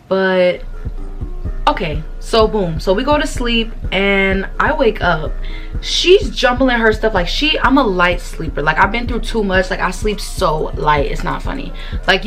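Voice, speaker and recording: A woman's voice: medium pitch, a bit bright. A young woman telling a casual storytime in her bedroom, chatty and slangy, talking straight to her viewers on camera. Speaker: vlogger.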